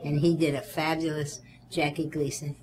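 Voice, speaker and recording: A woman's voice: low-pitched, flat delivery, normal speed, a little mellow. A woman in her eighties being interviewed for an oral history, reminiscing chattily and reciting a comic poem in a playful sing-song. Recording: roomy echo, faint background noise.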